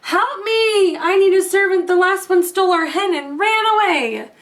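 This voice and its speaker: A woman voicing a loud, demanding giantess in a storybook, roaring out bossy orders. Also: extremely high pitch, animated, moderate pace, pitched above the performer's own voice, exaggerated voice.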